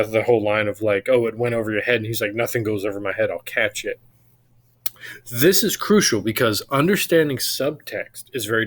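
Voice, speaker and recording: A male lecturer talks through a literature lesson in a loose, conversational style, tossing in frequent "right?" checks. His pitch sits in an ordinary middle range, but he leans hard on key words. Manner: animated emphasis on key words.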